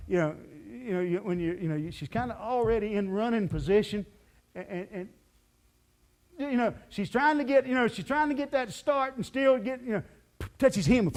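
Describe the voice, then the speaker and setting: Male pastor, sermon, high voice, lively swings, lots of fillers, folksy storytelling. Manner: animated storytelling with frequent "you know" fillers. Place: church sanctuary.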